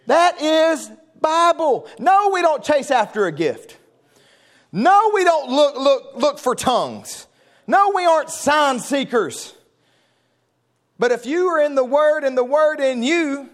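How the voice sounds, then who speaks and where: A man preaching a sermon in a church, fervent and building to shouted call-and-response. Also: very high-pitched, lively intonation, slow. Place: church sanctuary.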